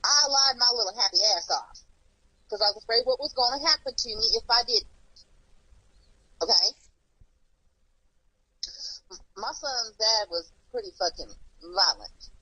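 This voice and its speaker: A woman hosting a casual chat, animated and blunt, repeating herself and swearing as she talks. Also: on the high side, measured pace, long pauses, slightly rough, dry recording, rough recording. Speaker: host.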